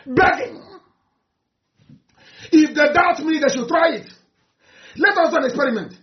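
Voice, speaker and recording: Nigerian man, high voice, impassioned activist speech, heckling tone, roomy muffled take. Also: unhurried. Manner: fiery, mocking, swings from shouting to low muttering. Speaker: activist leader addressing supporters. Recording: roomy, dull lo-fi recording.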